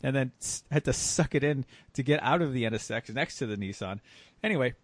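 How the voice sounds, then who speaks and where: A man's voice: medium pitch, lively intonation, a little fast, dry recording. A man hosting a casual car podcast, telling wry stories with many restarts. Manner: rambling, wry storytelling with restarts. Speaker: podcast host.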